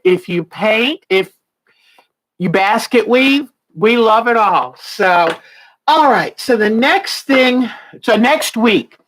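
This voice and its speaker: A woman's voice: mid-range voice, fairly bright tone, rough recording. A woman hosting a casual quilting livestream, chatting and greeting viewers by name. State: out of breath.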